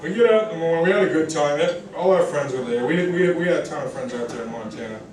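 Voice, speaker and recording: A man's voice: fairly high pitch, fast, darkish tone. A man giving a roast speech for a friend, telling rambling anecdotes, laughing at his own stories and swearing often. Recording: echoey room, recorded from far off, background noise.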